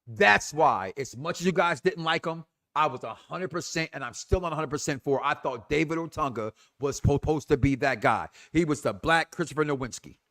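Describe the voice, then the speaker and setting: A man's voice: a little high, moderate pace, hardly any pauses. A man hosting a wrestling talk show, giving an impassioned commentary rant that is emphatic and full of repetition. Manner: animated, emphatic, repeats himself.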